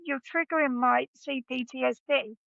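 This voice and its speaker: A woman's voice: high voice, normal speed, gravelly, fairly bright tone, no room sound, lo-fi sound. A woman in casual podcast conversation, talking hesitantly and often restarting her sentences.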